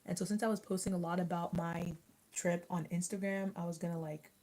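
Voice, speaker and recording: A woman's voice: on the low side, level tone, fairly quick, dark tone, poor audio. A young woman in casual livestream chat, rambling with lots of fillers as she answers comments while eating. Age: young adult. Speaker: YouTuber reading live chat.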